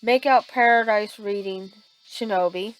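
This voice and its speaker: A woman improvising a fan fiction story aloud, halting with many restarts and fillers. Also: medium pitch, rough recording.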